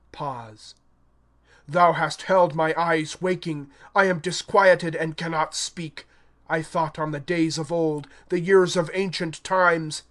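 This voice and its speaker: A man reading scripture aloud in a measured, solemn recitation. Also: a little high, a bit bright. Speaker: scripture reader.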